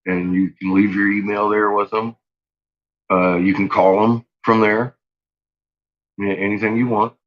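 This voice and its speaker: A man's voice: fairly low pitch, little pitch movement, measured pace, pauses often, muffled recording. A man vlogging an angry rant to his viewers. He swears constantly and stumbles through restarts. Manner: agitated, profane, stumbling restarts.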